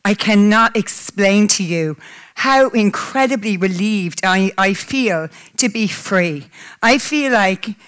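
A woman's voice: medium pitch, animated, slow pace, fairly bright tone. Woman, 30s, heartfelt speaker at a live talk, tearful edge. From Ireland. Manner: candid, emotional, breaks into laughter. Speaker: public speaker. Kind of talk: personal talk to a live audience. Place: conference hall.

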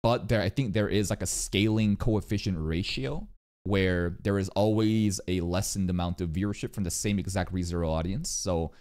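A man reacting to a video with casual commentary, animated and profane, rambling with many fillers. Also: low-pitched, normal speed. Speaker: reaction streamer.

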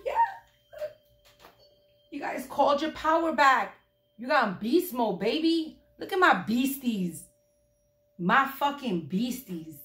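A woman doing a casual tarot reading for her viewers, blunt, profane and animated. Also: mid-range voice. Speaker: tarot reader. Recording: echoey room.

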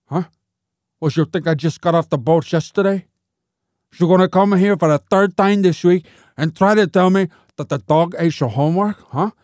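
A man voicing a gruff, menacing tough-guy teacher with a taunting delivery. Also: fairly high pitch, moderate pace, a little mellow, dry recording, studio quality, close to an everyday voice. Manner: gruff, taunting, growing to a bellow.

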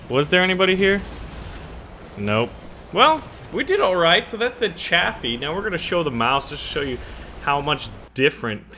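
A man giving casual gameplay commentary on a tank game, excitable and quick to burst into loud cursing. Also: mid-range voice.

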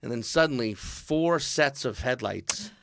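A man's voice: medium pitch, expressive, a little slow, creaky, a bit bright, no room sound, studio quality. A man telling a comedy story in casual talk, acting out the voices of the people in it.

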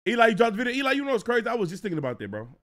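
A young man streaming live, ranting to his chat in a casual, profane, animated way. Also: very high-pitched, rapid-fire.

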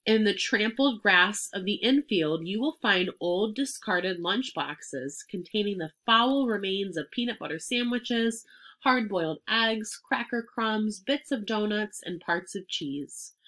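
A woman's voice: medium pitch, a bit bright. A woman reading aloud and voicing an old sheep who lists tempting treats in a coaxing way. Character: old storytelling sheep, female.

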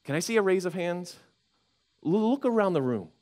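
A man preaching a sermon as pastor, conversational and animated, acting out inner voices with frequent restarts. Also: high-pitched, moderate pace. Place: church sanctuary.

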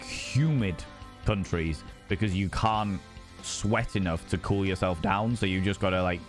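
A young man streaming live, chatting with viewers in a playful, sweary way and greeting them by name. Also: deep voice. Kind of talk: casual live-stream chat.

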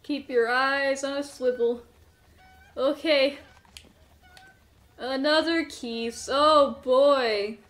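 This gaming host's high voice is fairly even in intonation, and she speaks slowly with long pauses. Her let's-play commentary is laid-back yet nervous. She laughs and talks to her character throughout.

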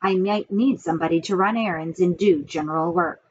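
A woman voicing a calm, gentle female spider who speaks softly and deliberately. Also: fairly low pitch, highs cut off, slight background noise, pitched below the performer's own voice, natural voice. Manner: soft-spoken, measured.

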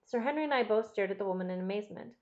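Woman reading an old novel aloud, calm and expressive, slightly muffled audio. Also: mid-range voice. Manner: measured, expressive storytelling. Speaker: audiobook narrator.

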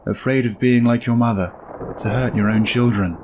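A man reading aloud the lines of a grieving dead wife from a game, in a soft, hushed voice. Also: mid-range voice, steady tone, normal speed, slight background noise, lightly acted. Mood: hushed, accusing.

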